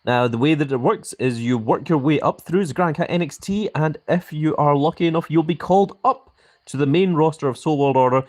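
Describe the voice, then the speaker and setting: A man's voice: on the high side, brisk, a little mellow. A Scottish man live streaming a mobile game, answering chat with a grand, carefully enunciated way of speaking. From Scotland.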